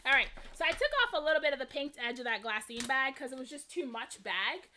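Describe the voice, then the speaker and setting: A woman's voice: sits high, fast, a little hiss or hum. A woman hosting a live crafting stream, chatting casually and animatedly to her viewers. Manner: chatty and animated, many fillers. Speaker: craft livestream host.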